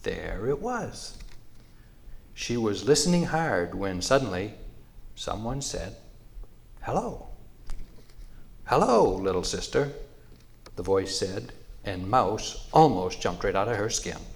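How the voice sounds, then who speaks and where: Slow, low-voiced male storyteller. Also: animated, vocal fry. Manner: measured, unhurried.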